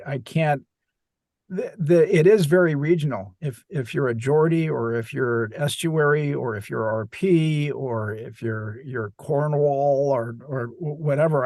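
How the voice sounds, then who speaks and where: A man's voice: mid-range voice, darkish tone, no room sound. Thoughtful man, dry close sound. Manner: thoughtful, searching for words with frequent restarts. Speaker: audiobook narrator. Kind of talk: casual podcast chat.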